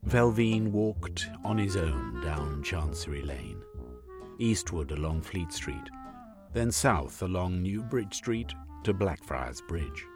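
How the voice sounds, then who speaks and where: Deep-voiced, slow male storyteller. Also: over music. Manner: measured, expressive reading. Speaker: narrator. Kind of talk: storybook reading.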